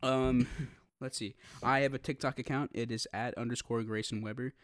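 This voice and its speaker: A man's voice: mid-range voice, fairly even intonation, normal speed, dry recording. A seventeen-year-old young man from Texas, co-hosting a podcast in casual chat, jokey and teasing, often laughing. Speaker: podcast co-host.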